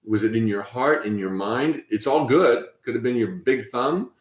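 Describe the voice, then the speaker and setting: Gentle man leading a workshop, roomy echo. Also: medium pitch, normal speed. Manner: gentle, encouraging, with many fillers and restarts. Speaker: workshop host. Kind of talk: guided spiritual workshop talk.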